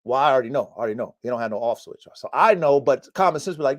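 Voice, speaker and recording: A man with a mid-range, lively voice races along with hardly any pauses. He hosts a casual live-stream podcast about his dogs from his mountain home, a dog breeder who talks bluntly and preachily, swears often and repeats himself for emphasis.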